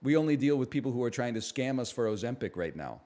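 A man's voice: sing-song, fast talker, dark tone. A man in his thirties streaming, ranting in sarcastic casual banter. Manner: sarcastic, ranting, mock voices at high pitch.

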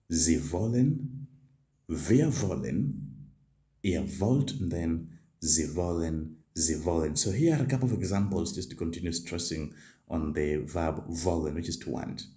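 A man teaching a language lesson, repeating each example slowly and patiently with occasional fillers. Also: low voice, dark tone, echoey room. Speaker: German language tutor. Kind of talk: slow drill-style language lesson.

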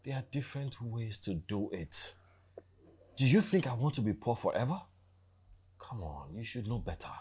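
A man's voice: mid-range voice, very animated, normal speed, long pauses, darkish tone, slightly rough. An actor with a Nigerian accent playing a broke young graduate in his twenties, pleading with his girlfriend, in a film drama. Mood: defensive. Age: 20s. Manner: pleading, wounded. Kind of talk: Nollywood film acting.

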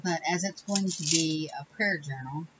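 Low-voiced and speaking at a normal pace, a woman hosts a laid-back crafting tutorial on her channel, meandering and self-correcting with small laughs. The recording is muffled and has background noise.

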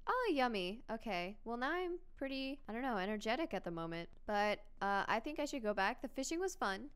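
A young adult woman giving chatty, excitable commentary while playing a video game and reading its text aloud. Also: on the high side, a little fast, clear, resonant tone. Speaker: gaming channel host. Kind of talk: casual let's-play commentary.

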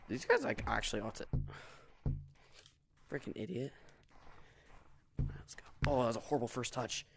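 A man's voice: mid-range voice, animated, moderate pace, gravelly, background noise. A man giving casual, playful gameplay commentary as a video creator, giggling, teasing other players and sometimes dropping into whispers.

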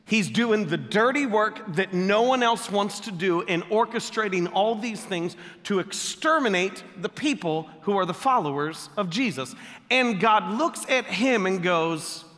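A male pastor preaches in an animated, joking way to his congregation. His voice sits high and sounds bright and forceful. Long reverb from the church hall hangs behind him. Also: unhurried. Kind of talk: sermon.

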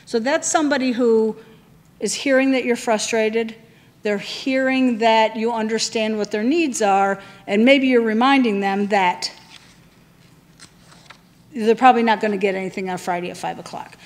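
A woman's voice: fairly high pitch, moderate pace, long reverb tail. A woman leading a training session, talking conversationally and putting questions to the room.

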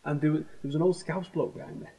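A man with a Manchester accent tells lively, profane stories at a rapid clip. His voice is slightly husky, and his speech is loose and conversational, full of slang. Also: on the high side, rough recording. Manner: animated storytelling, heavy swearing, slangy. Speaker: host. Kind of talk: casual chat.

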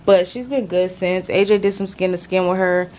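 A woman's voice: on the low side, steady tone, darkish tone. A young woman talks straight to her viewers from a hospital room, worn out, her words drawn out and loose with slang. A faint hum of noise sits behind her voice. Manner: tired, drawn-out casual slang. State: exhausted. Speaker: vlogger. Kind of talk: casual talk to camera.

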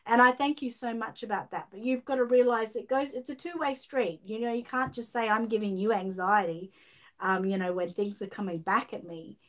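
A woman's voice: fairly high pitch, a little fast, fairly bright tone. Chatty Australian woman reading comments. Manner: chatty, rambling with many fillers and restarts. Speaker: livestream host. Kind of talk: casual livestream chat reading viewer comments.

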